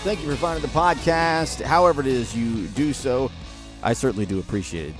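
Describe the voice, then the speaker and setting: A man's voice: medium pitch, fairly quick, faint music behind. A man hosting a podcast, delivering a blunt, sarcastic talk-radio monologue. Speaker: podcast host.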